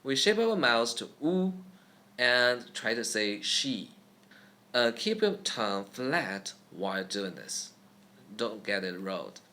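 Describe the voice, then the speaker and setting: A man's voice: mid-range voice, big pitch swings, bright, forceful tone. A man teaching pronunciation step by step, saying each sound over and over with care. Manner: slow, careful, demonstrating sounds repeatedly. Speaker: language teacher. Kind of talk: pronunciation lesson.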